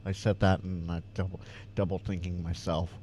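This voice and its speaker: A man's voice: low voice, flat delivery, normal speed, warm tone, slight background noise. A Californian man with a slight Southern twang, hosting a casual livestream Q&A and chatting to viewers, often stammering and repeating words. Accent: slight Southern American twang. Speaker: ham radio livestream host.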